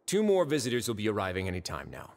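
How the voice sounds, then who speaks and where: A suave warden in a game, dryly amused and unhurried. His lowish voice rises and falls a great deal, and a long reverb trails it. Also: huge pitch swings, darkish tone. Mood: calm. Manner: smooth, unhurried, wry. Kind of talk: game cutscene dialogue. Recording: long reverb hall sound.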